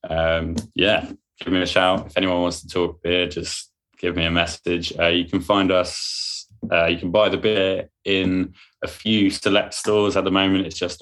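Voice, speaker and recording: Easygoing man with a deep voice. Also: fairly bright tone. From London. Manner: easygoing, laughs along. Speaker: guest brewer. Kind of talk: casual chat.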